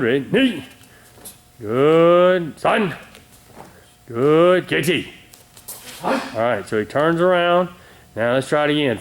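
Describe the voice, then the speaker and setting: A middle-aged man teaching martial arts kicks on video, calling out commands loudly and checking in with "all right?". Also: fairly high pitch. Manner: calls out commands loudly and coaches with frequent "all right?" and "okay?". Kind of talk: teaching a kicking class on video.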